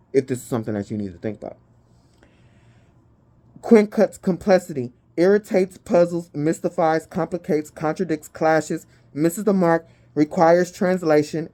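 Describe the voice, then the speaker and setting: Mellow-voiced woman giving a blunt tarot reading. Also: low-pitched. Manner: emphatic and blunt, with frequent swearing; slow, deliberate reading of keyword lists. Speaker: tarot reader.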